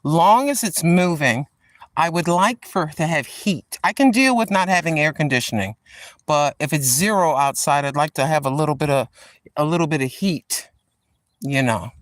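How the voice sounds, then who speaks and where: An older woman hosting a walking vlog outdoors in a park, chatting in a rambling way and addressing viewers as ladies and gentlemen. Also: low-pitched, lively intonation, moderate pace, no room sound. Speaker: vlog host. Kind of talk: casual walking vlog chat.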